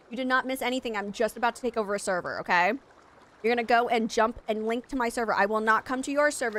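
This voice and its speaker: A woman's voice: fairly high pitch, fairly bright tone, a little hiss or hum. A young adult woman streaming a game, chatting casually and rambling straight to her viewers. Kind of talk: casual live-stream chat.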